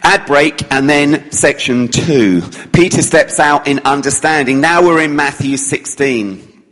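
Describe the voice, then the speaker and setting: A preacher with a slightly high, fairly bright voice tells a story at a measured pace. He voices each character's lines in the retelling, his sermon echoing with long hall reverb.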